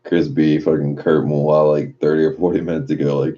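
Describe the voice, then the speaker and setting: Very deep, dark-voiced man streaming late at night. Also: little pitch movement, moderate pace, dull audio. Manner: loose, profane, reads chat messages aloud and riffs on them. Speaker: live streamer reading chat.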